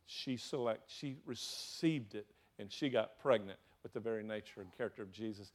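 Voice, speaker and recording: A pastor with a Southern US accent preaches a sermon, throwing rhetorical questions at his congregation. He speaks at medium pitch and a normal speed.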